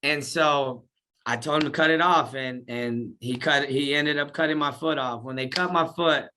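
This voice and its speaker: Man, casual storytelling, slangy, animated, bright tense voice, slightly high pitch. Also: normal speed, slight background noise. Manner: animated, slangy, acts out his own past words. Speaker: guest telling his life story.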